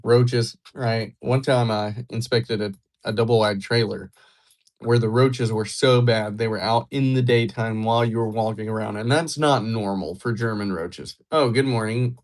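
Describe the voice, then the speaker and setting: With a fairly low, steady voice at normal speed, a young Georgia livestreamer talks easily with viewers. He's chatty and laid-back, cracking jokes as he goes.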